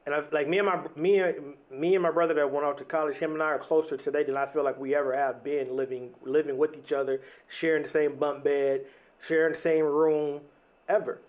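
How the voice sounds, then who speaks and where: Earnest man, higher voice. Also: fairly even intonation, brisk. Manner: earnest, repeats words and restarts, says "like" and "right?" often. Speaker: podcast host. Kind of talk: reflective motivational monologue.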